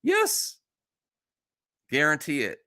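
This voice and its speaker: A man hosts a casual live stream and talks in a bright, tense, cutting voice that sits a little high for a man. He is blunt and exasperated, swearing freely as he answers his chat. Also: wildly swooping pitch, slow. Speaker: streamer host.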